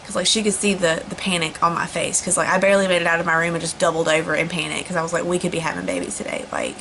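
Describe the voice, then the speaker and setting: A woman's voice: on the low side, little pitch movement, rapid-fire, sharp tone, slight background noise, rough recording. A young woman chatting casually to camera, rambling with lots of fillers and restarts. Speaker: vlogger. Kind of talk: casual storytelling vlog.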